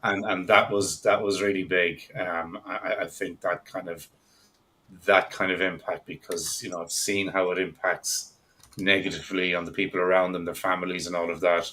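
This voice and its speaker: A man's voice: deep voice, level tone, moderate pace, sharp tone, low-quality recording. A man answering questions as an interview guest, speaking in a reflective, thoughtful way. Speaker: guest hypnotherapist.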